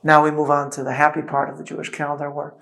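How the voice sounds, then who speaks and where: A man's voice: on the high side, monotone, quick pace, gravelly, a bit bright. A middle-aged rabbi, a man who is a witty storyteller, talking as the guest of a live onstage conversation. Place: event hall with audience.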